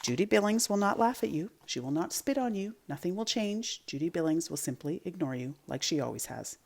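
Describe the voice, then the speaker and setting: A woman's voice: on the low side, voice pushed up. A woman reading aloud and voicing a playful, teasing mother comforting her young son. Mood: confident reassurance. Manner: teasing, quick-witted, lively.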